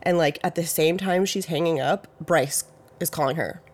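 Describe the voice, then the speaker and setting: A casual true-crime podcast host talks in a loose, rambling way. Details get hedged with "I think" and "I believe", and the talk is full of "like" and "you know". The pitch sits in a middle range. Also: normal speed.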